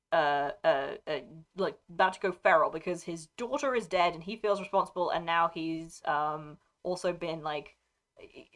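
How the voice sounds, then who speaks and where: A woman with an English received pronunciation accent chatting casually with live viewers, rambling and breaking off mid-sentence with frequent laughter. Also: lowish voice. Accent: British, received pronunciation. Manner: scattered, rambling, self-interrupting, laughing often. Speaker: streamer.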